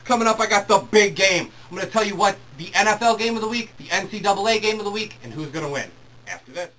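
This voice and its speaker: A young man hosting his own sports talk show, reading emails and ranting excitedly about football. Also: sits high, fast talker, slight background noise. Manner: excitable, worked up when ranting. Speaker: host. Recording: distant mic with faint room ambience.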